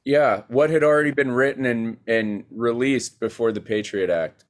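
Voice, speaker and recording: A man, a guest filmmaker, telling a story in a casual podcast chat, animated and rapid with many fillers. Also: mid-range voice.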